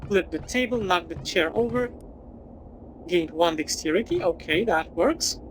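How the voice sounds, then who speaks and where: A woman's voice: fairly low pitch, lively intonation, unhurried, slight background noise, low-quality recording. A woman playing a video game, reading its text aloud and adding dry remarks. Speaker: gaming channel host.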